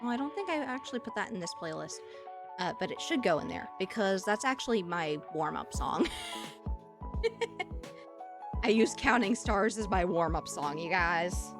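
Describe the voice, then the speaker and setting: A woman's voice: mid-range voice, animated, a little slow, pauses often, music in the background. A woman streamer with a Southern US accent, chatting casually with viewers and laughing often. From US Midwest and South.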